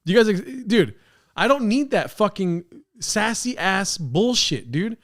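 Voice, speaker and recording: A young man hosts a podcast in a loose, profane rant, all mock outrage and running commentary. His voice sits high and leaps around with lively swings in pitch. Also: unhurried. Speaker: podcast host. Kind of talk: casual reaction commentary.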